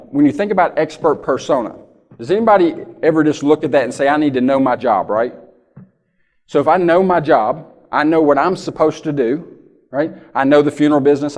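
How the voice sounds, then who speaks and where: A man's voice: on the high side, fairly quick, darkish tone. A man giving a keynote talk in a large conference hall, telling folksy stories and often checking in with the audience. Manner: folksy storytelling, asks the audience "right?" often. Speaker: keynote speaker. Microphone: handheld or lapel mic. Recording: long hall reverb.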